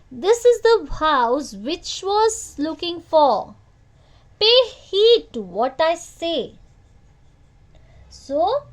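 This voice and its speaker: A woman teacher, giving an online grammar lesson to children and repeating key points as questions to the class. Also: high-pitched. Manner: slow, repetitive teacher talk with questions to the class.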